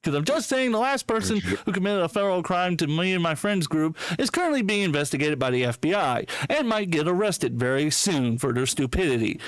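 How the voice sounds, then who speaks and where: Profane ranting man, smooth voice. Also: high voice, big pitch swings, fairly quick, hardly any pauses, no room sound. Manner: profane, mocking, indignant ranting; reads posts aloud with laughter. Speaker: podcast host. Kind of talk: casual podcast rant.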